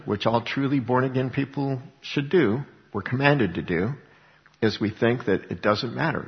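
A man with a fairly low, gravelly voice preaches to his congregation. He reads scripture, then unpacks it in plain, conversational talk full of rhetorical questions. His voice rings with a long reverb in a church hall, captured on a dull, lo-fi recording. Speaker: pastor. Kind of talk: sermon.

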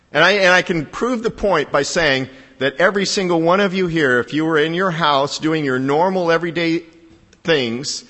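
A man preaching a sermon in a conversational style, building to emphatic, higher-pitched peaks. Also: fairly bright tone, in a large hall. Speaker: pastor.

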